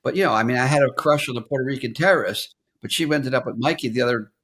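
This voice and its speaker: A man being interviewed, talking casually in a relaxed manner and chuckling now and then. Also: mid-range voice, fast talker. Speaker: interview guest. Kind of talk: casual conversation.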